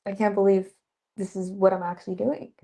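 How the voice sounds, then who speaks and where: A young woman, an actress guest, chatting casually in an interview and telling lively stories with laughs and acted-out quotes. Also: mid-range voice, a little fast, vocal fry. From Dallas area. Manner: animated storyteller, laughs often, acts out quotes.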